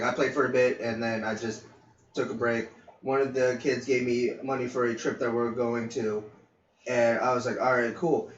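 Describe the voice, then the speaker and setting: A man co-hosting a podcast, telling a long work story in a rambling casual way, with many fillers and some swearing. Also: a little high. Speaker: podcast co-host. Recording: roomy, distant, dull lo-fi mic.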